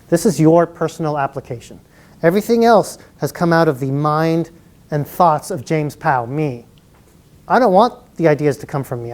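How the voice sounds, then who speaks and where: A man's voice: fairly high pitch, darkish tone. A man presenting a live college workshop to an audience, chatty and encouraging, often laughing.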